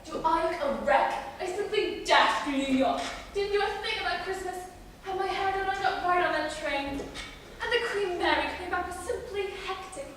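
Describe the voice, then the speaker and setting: A woman's voice: very high voice, moderate pace, a bit bright. A woman plays a showy, gushing actress and socialite in a school stage play. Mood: gossipy. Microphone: far camera in audience. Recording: echoey hall, far camera, noisy.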